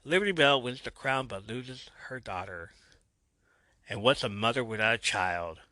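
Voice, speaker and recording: A man's voice: mid-range voice, lively intonation, moderate pace, pushed and bright, dry recording. A man voicing a brash, showy male ring announcer with announcer patter, inside a podcast recap. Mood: announcing.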